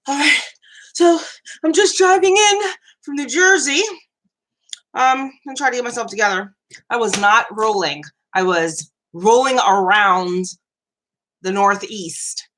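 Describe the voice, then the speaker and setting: A middle-aged woman hosting a casual live chat, animated and laughing, venting with lots of swearing. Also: on the high side, measured pace, pauses often. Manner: animated, laughing, ranting with profanity. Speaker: host.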